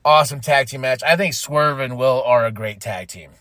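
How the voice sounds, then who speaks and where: Excitable man recapping wrestling. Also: mid-range voice, moderate pace, dry recording. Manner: excited, laughing, acts out wrestlers' lines. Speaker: podcast host.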